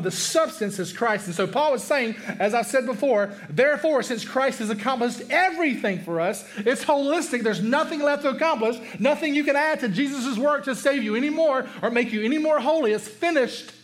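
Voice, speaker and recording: Pastor, male, high voice, lively conversational sermon delivery with rhetorical questions. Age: adult, father of a young son.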